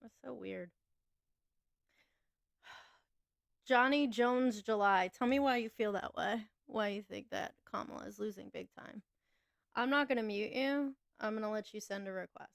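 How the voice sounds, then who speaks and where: A woman's voice: medium pitch, measured pace, creaky, long pauses, no echo, studio quality. A woman co-hosting a livestream, chatting casually, laughing often and answering her viewers' comments. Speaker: livestream co-host.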